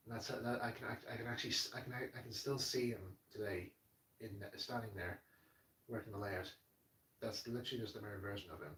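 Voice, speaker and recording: A man's voice: mid-range voice, far from the mic, slight background noise. Man, casual vlog storytelling, rambling and emotional, stumbling restarts, echoey room, sitting back from the mic. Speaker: model railway hobbyist vlogger.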